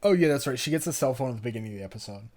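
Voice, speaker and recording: Male podcast cohost, mid pitch; relaxed, filler-heavy casual recap. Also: racing. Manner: laid-back, lots of ums and uhs while recapping. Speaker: podcast co-host. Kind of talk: casual chat.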